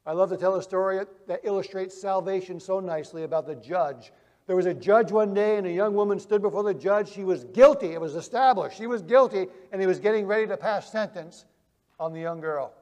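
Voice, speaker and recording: A male preacher telling vivid illustrations, swinging from loud emphasis to hushed quiet. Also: high voice, a little fast, big-room sound. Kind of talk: sermon.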